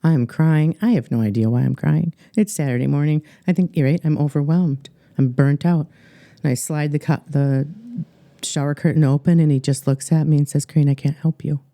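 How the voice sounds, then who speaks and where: Middle-aged Upper Midwest woman coach, earnest, halting delivery, very dark tone, dry close mic. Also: deep voice, dry recording. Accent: Upper Midwest American. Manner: earnest, halting, many fillers and restarts. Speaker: guest life coach. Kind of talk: podcast interview, personal story.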